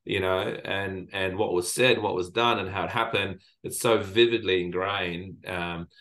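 A man's voice: low voice, fairly even intonation, unhurried, a bit bright. A man from Lebanon, a guest in an interview, telling stories in a reflective way with many fillers and restarts. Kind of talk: casual interview storytelling.

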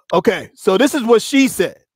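A male host in casual discussion, animated, laughing often and drawing out quoted words slowly for emphasis. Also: high-pitched, no echo, clean studio sound.

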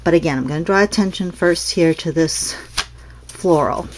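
A middle-aged woman with a low voice talks through a crafting show-and-tell. She rambles in a friendly, unscripted way, restarting sentences and filling gaps with ums. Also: normal speed, a little hiss or hum. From North Carolina, US. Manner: chatty, meandering, with frequent restarts and ums. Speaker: craft seller showing customer cards. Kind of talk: casual show-and-tell vlog.

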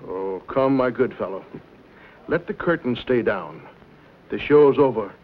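A man's voice: mid-range voice, expressive, a little slow, slight background noise, lightly acted. A man playing a silky, mocking villain. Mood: silky menace. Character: suave menacing male villain, smooth-talking gang boss. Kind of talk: 1950s TV western acting. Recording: dull lo-fi 1950s TV soundtrack.

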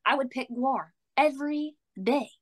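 A woman podcast guest chatting casually, excitable and blunt, swearing freely. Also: high-pitched, unhurried. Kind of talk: casual chat.

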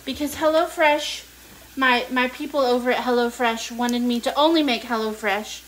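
A woman's voice: on the high side, moderate pace, a bit bright, slight background noise. A woman hosting a home cooking show, talking in a casual, playful, teasing way from her kitchen. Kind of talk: casual joking chat.

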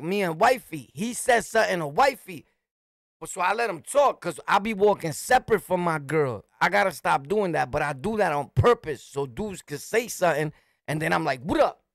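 A middle-aged man from Brooklyn with a New York accent, telling a street story in a swaggering, animated way and shouting his punchlines. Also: high-pitched, normal speed, vocal fry, no echo, clean studio sound. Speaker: storyteller, channel host.

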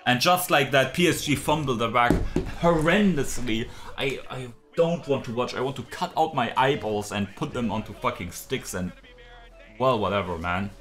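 A man's voice: medium pitch, fairly bright tone. Ranting man reacting to a match. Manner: frustrated, swearing, ranting with many fillers. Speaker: esports reaction streamer. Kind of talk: live game reaction commentary.

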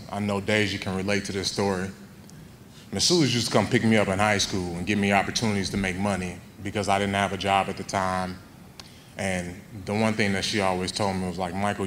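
A young man speaking at a memorial in a high school gym, telling heartfelt stories and acting out quoted voices. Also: a bit bright, slight background noise. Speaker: eulogy speaker. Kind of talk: memorial speech.

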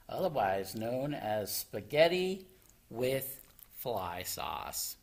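A man, a children's librarian, reading a picture book aloud from home in an animated, expressive storytelling voice. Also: medium pitch, slow. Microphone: home recording.

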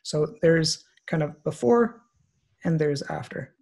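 A man walking through a photo compositing tutorial on screen, relaxed and thinking aloud with many fillers. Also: a little high, slow, creaky. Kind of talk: screen-share software tutorial. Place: online presentation, recorded at his computer.

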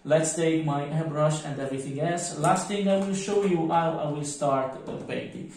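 A man with a French accent giving a casual hands-on tutorial, thinking aloud and halting as he works. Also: on the high side, a little mellow. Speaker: miniature painting tutor. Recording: echoey room, mic at a distance.

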